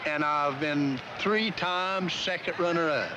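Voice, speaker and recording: A lifelong farmer speaks in an easy, plain way. His voice sits slightly high for a man. A loud hiss lies under him, as on an old 1970s documentary reel. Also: takes it slowly. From North Carolina. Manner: plain-spoken, with frequent "you know". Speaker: farmer and contest holler. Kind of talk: casual reminiscing. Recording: noisy 1970s film sound.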